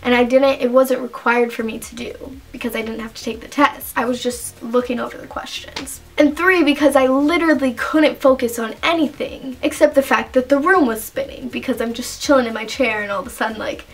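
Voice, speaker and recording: A woman's voice: high-pitched, steady tone, fairly quick, few pauses. A young woman vlogger telling a rambling story in casual chat, saying "like" constantly. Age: young adult. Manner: chatty, rambling, heavy use of "like". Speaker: beauty vlogger.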